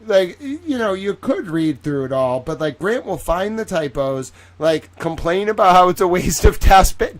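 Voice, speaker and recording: A man's voice: a little high, expressive, moderate pace, hardly any pauses. Tired, rambling man chatting on a stream. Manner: rambling and playful, talks to chat by name. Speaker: live stream host. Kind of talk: casual late-night live stream chat.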